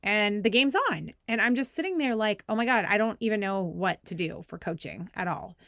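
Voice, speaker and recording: With a normal speaking speed and studio-quality sound free of room noise, a podcast host in her thirties spins a casual story. She often laughs, leans on "like" as filler, and performs playful quoted voices pitched higher than her own.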